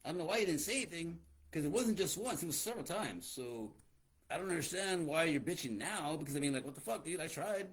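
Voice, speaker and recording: Male podcast host, rapid blunt profane rant, husky voice. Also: a little high, expressive.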